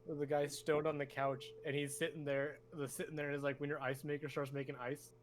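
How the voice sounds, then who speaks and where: A man's voice: a little high, level tone, fairly quick, crowd noise. A young man chatting casually with friends before a tabletop game, rambling with trailing asides. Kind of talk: casual chat among friends.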